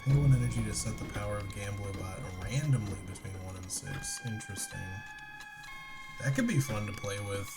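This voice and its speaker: A man's voice: on the low side, big pitch swings, fairly quick. A young man casually commenting on his gameplay, chatty, laughing often and swearing, over game music. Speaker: game streamer.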